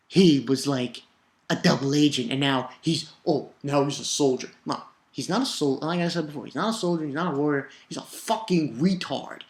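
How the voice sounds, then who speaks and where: Young man ranting with profanity. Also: a little high. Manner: profane, rambling, heated. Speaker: manga reviewer. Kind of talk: casual review rant.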